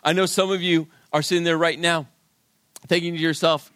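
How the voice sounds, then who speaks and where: A middle-aged male pastor preaching a sermon, his delivery swinging from loud, emphatic lines to hushed, quiet ones. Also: a little high, little pitch movement, normal speed, no room sound, studio quality.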